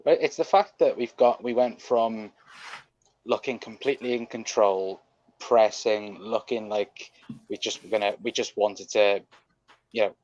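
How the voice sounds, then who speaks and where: A man's voice: fairly low pitch, steady tone, unhurried, darkish tone, dry recording, highs cut off. A man co-hosting a casual football chat show, rambling with many ums and restarts. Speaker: football podcast co-host. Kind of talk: casual post-match chat.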